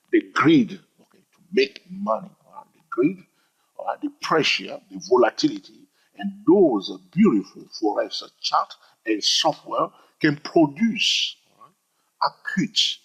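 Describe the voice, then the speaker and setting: Speaking in a mid-range, slightly rough voice, a trading educator delivers an informal lesson with emphasis and repetition, often asking "all right?". The audio is dull and lo-fi.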